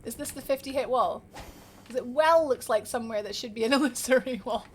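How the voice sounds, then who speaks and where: A woman's voice: on the high side, fairly quick, slightly rough. A young woman livestreaming a game, chatting casually and bubbly, answering her viewers by name and laughing often. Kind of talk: casual live gameplay commentary.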